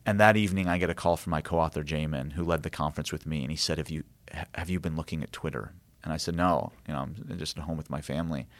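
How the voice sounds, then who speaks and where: A man's voice: rumbling low, quick pace. A man, a guest author, telling stories earnestly and reflectively in conversation, with frequent fillers and restarts. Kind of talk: conversational storytelling.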